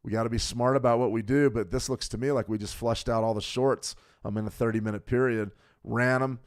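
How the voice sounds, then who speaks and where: A man's voice: mid-range voice, fairly even intonation, fairly quick. A man hosting a live trading stream, coaching viewers in a casual way, his throat a bit choked up from smoke. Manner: conversational, coaching, talks to viewers directly. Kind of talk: live market commentary.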